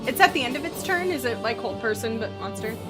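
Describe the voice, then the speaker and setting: A woman running a tabletop game as game master, describing the action vividly between quick rules checks. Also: fairly high pitch, expressive, music in the background.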